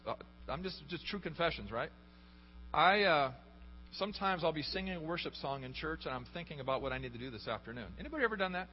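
A man preaching a sermon, emphatic, often asking the congregation questions. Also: fairly high pitch. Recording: echoey hall, dull lo-fi, faint hum.

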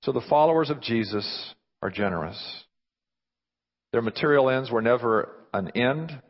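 Guy preaching, lively, keeps asking the crowd questions, kinda muffled sound. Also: medium pitch, moderate pace. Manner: animated, asks the listeners rhetorical questions. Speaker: pastor. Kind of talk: sermon. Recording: dull sound with long hall reverb.

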